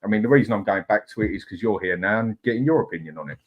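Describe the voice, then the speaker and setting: A man hosting a casual football chat and laying out his points calmly. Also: lowish voice, rapid-fire, husky, highs cut off. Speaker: football podcast host.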